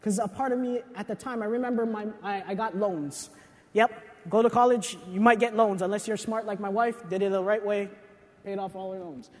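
A young adult man preaching a sermon in a casual, confessional way, with animated asides and personal stories. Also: high voice, fairly quick. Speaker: pastor. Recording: long hall reverb.

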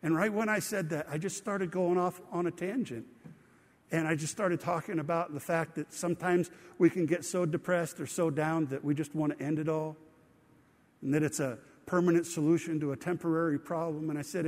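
A man's voice: a little high, steady tone, fairly quick, long reverb tail. A man preaching a sermon in a church, talking conversationally and putting questions to the congregation. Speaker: pastor. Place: church sanctuary.

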